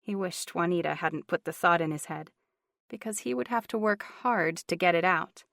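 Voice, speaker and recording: A woman narrating a romance audiobook in a steady, even storytelling manner. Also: on the low side, normal speed, creaky, dry recording, clean studio sound. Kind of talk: scripted narration.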